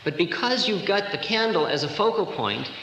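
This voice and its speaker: A man's voice: high-pitched, very animated, moderate pace, pushed and bright. Chuckling man lecturing in an echoey hall. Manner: humorous, storytelling, chuckling. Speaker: spiritual teacher. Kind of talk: live lecture to an audience. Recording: echoey 1970s hall recording with hiss.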